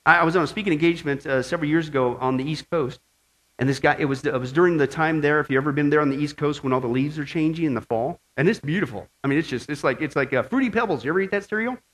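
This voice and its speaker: A man preaching a Bible study sermon, animated and asking his audience questions. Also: a little high, racing, low-quality recording.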